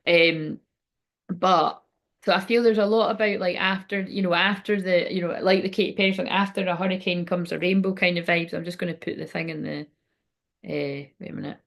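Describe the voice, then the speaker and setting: A woman's voice: on the low side, fairly even intonation, brisk, vocal fry, a bit bright. A woman giving a rambling, casual tarot reading to camera at home, swearing now and then. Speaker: tarot reader. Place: indoors at home by a window.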